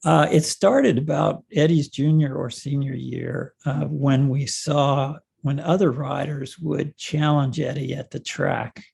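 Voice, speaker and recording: An older man, a former cycling coach, telling stories in an interview in a measured way with many pauses and fillers. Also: medium pitch, fairly even intonation, gravelly, a little mellow, a little hiss or hum. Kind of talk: reminiscing interview answers.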